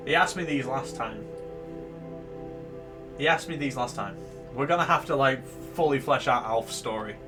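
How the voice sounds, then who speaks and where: A man's voice: mid-range voice, normal speed, pauses often. A man casually live-streaming a game, thinking aloud, swearing freely and laughing. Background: game music.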